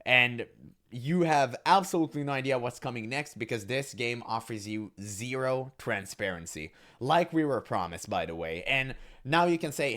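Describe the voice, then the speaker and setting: Scornful ranting man with lively pitch. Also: moderate pace. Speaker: reaction commentator. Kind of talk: casual reaction commentary.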